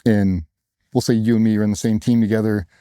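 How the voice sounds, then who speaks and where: This middle-aged former special ops operator speaks fast in a lowish, mellow, clear and resonant voice with little pitch movement, on a dry, studio-quality recording. He bluntly tells war stories in a casual interview, occasionally swearing and acting out quotes from others.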